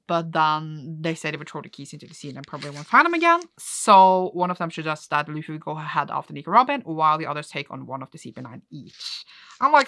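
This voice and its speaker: Young woman vlogger, casual rambling recap, often laughing; bright, dry close-mic sound. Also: sits low, animated, fast, no room sound. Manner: chatty, laughs often, restarts with "like". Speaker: reading vlogger. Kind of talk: casual chat recapping a comic.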